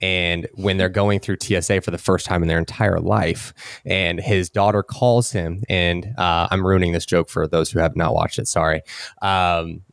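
A deep-voiced man co-hosting a casual podcast. He rambles through his points with frequent fillers and false starts. The sound is close and dry. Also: fairly even intonation, moderate pace, creaky, no echo. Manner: rambling, many fillers and restarts. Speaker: podcast co-host.

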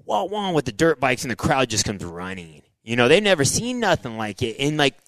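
A middle-aged man spins stories from his racing days with restless energy, tossing "dude" and "like" into almost every line. His voice sits at an ordinary pitch. The recording is dry and close, with no room sound around it. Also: fairly quick, no room sound, low-quality recording. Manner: excitable, says "dude" and "like" a lot, acts out his own past thoughts. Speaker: interview guest, former motocross racer. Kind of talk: animated storytelling in casual interview.

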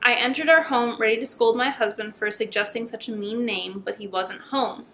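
A woman YouTuber reading short scary stories aloud in a chatty, expressive way. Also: on the high side, moderate pace, a little hiss or hum. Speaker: YouTube storyteller.

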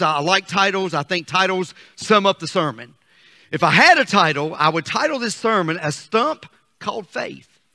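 A man preaching a sermon as pastor, trading call-and-response with the congregation, drawing out scripture slowly and climbing to emphatic peaks. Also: high voice, sharp tone, long reverb tail. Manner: reads scripture slowly and deliberately.

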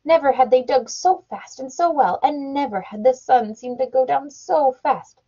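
Husky mother reading a picture book. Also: sits high, normal speed. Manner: animated storybook reading with sound effects. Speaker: parent reading to her child. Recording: dull lo-fi home recording.

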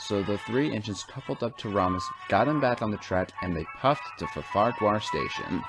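Man, storybook narrator, animated, low voice, lively pitch swings, faint music. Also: moderate pace.

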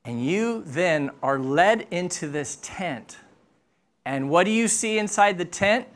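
Pastor preaching in church, unhurried but lively in pitch, playful storyteller. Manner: animated, playful storytelling with acted-out voices. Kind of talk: sermon.

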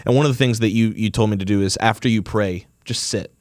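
A man's voice: lowish voice, fairly even intonation, quick pace, no room sound, clean studio sound. A man co-hosting a faith podcast, chatting casually, who laughs easily and reflects on his own experience. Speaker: co-host.

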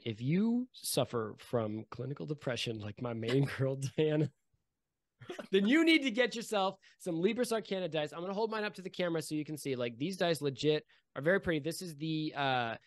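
Quick teasing male podcast host. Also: on the high side, expressive, no room sound. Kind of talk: jokey ad read among friends.

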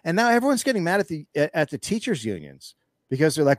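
A man's voice: on the high side, big pitch swings, fast, no room sound, studio quality. A man speaking as an interview guest in casual chat, ranting with anger and profanity and telling stories animatedly, with frequent restarts.

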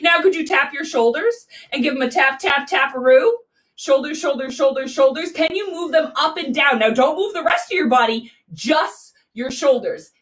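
A woman teaching a children's yoga class in an animated, playful, sing-song way. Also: high voice, normal speed, recorded from a distance.

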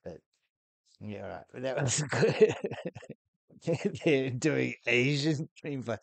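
A man's voice: medium pitch, expressive, slow, gravelly. An Australian man hosting a reaction video, chatting casually, laughing and swearing freely.

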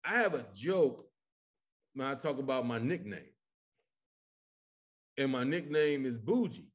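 A man from Chicago, a comedian guest, telling stories in casual podcast chat, animated and full of cursing. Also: medium pitch, measured pace. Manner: animated, profane storytelling.

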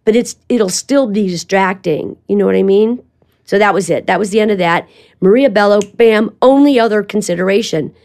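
An older woman talks as an interview guest, spinning anecdotes in a loose, chatty way. She slips into quoted lines as she tells them, and her delivery stays expressive. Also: mid-range voice, moderate pace. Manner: animated storytelling with quoted asides. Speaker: guest, voice actress. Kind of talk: casual interview chat.

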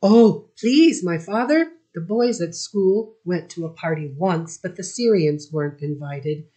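A woman reading the part of an eager, excited boy from an immigrant family. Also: on the low side, measured pace.

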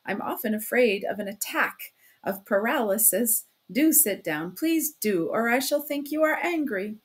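A woman voicing a chatty, fussy middle-aged male investigator who rambles excitably in a fawning way. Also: fairly high pitch, a little slow. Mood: flustered.

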